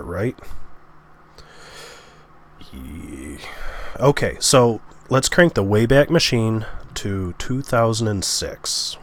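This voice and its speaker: A man's voice: fairly low pitch, slight background noise. A man giving political commentary in a vlog, sarcastic in tone and sighing between his points.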